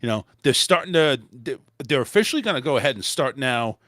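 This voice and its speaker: Male host, lively rambling chat, dry close sound. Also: medium pitch, brisk, no room sound. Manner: loose, rambling delivery with frequent restarts and mild swearing. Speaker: podcast host. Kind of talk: casual chat.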